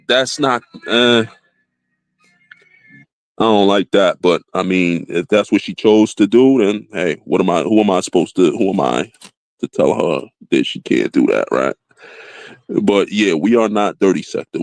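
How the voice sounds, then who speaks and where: An American man hosting a live stream, talking in a relaxed, rambling way with many "you know what I'm saying" asides. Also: lowish voice, dry recording. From United States. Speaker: stream host. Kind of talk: casual chat.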